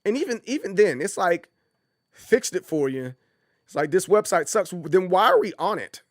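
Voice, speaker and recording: A man's voice: sits high, moderate pace, no room sound, clean studio sound. A man hosting a casual livestream, talking in a loose, rambling way that circles back and repeats points. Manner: animated, rambling, repeats himself. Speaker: streamer host.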